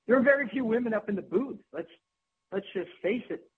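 Woman, high-pitched, lively storyteller, laughing, tinny phone call. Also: a little fast, breathy edge. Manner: lively, laughs often, restarts a lot. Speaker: tennis broadcaster, guest. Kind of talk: anecdotal interview storytelling. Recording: tinny phone line with faint hum.

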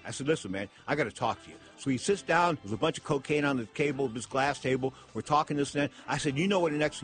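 An older man hosting a boxing talk radio show, telling rambling stories in an excitable way and repeating stock phrases. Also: on the high side. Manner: fast, excitable, repeats "of course" and "straight up".

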